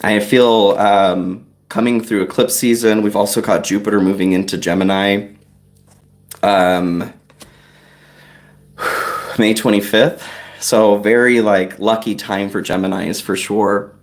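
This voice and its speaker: A man giving a live-streamed tarot reading, chatty and soft-spoken, talking straight to his viewers and getting choked up at times. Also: on the low side, fairly even intonation, slow. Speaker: tarot reader. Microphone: on-camera livestream mic.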